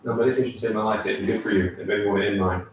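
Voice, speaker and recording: A man's voice: fairly low pitch, steady tone, rapid-fire, slight background noise. A man vlogging his piano practice, reading lesson text aloud and adding sarcastic asides. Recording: echoey room, mic far off, piano in background.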